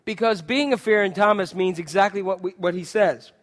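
High voiced pastor guy preaching, lively, lots of questions to the crowd, long echo in a big hall. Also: brisk. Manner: animated, acts out quotes and asks the congregation questions. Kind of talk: sermon.

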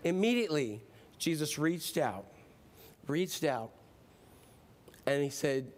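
A man's voice: a little high, animated, takes it slowly. A man preaching a sermon in a casual, playful way, acting out the story. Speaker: pastor.

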